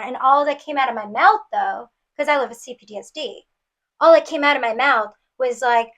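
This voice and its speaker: A woman's voice: fairly high pitch, normal speed. A woman from New York City, a podcast guest, earnestly retelling a painful personal story with many restarts. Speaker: guest auditioning as co-host.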